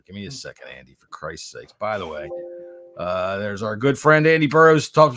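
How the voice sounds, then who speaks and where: A man co-hosting a sports podcast, talking loudly and joking with plenty of swearing. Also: lowish voice, big pitch swings, moderate pace, faint music behind. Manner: loud, profane, joking. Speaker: podcast co-host. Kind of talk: casual sports podcast chat.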